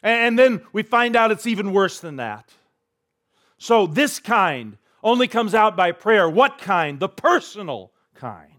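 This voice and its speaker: A man preaching a sermon as pastor, retelling a scripture story vividly, swinging between hushed and emphatic delivery. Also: sits high, big pitch swings, measured pace.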